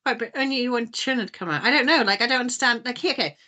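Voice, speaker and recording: Female co-host, bright mid voice, skeptical casual game commentary. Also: on the high side. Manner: quick to question and disagree, laughs often. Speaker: mahjong stream co-host.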